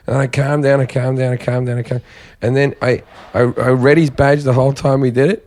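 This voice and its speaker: A man's voice: mid-range voice, quick pace, few pauses. A man telling stories in a casual podcast chat, acting out the voices of the people in them. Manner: animated, acts out voices in his stories.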